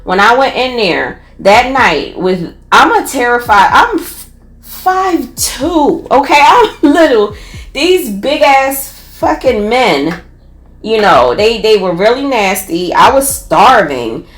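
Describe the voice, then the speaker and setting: Philly woman telling a story, cussing a lot, kinda high voice, roomy echo. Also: takes it slowly, soft background music. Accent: Philadelphia. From North Philadelphia. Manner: animated, profane, laughs while telling. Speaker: podcast storyteller. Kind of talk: casual storytelling.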